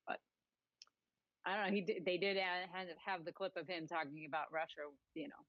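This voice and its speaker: A woman's voice: on the low side, fairly even intonation, a little fast, no room sound, muffled recording. A woman co-hosting a podcast, telling rambling, sarcastic stories in casual political chat. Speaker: podcast co-host.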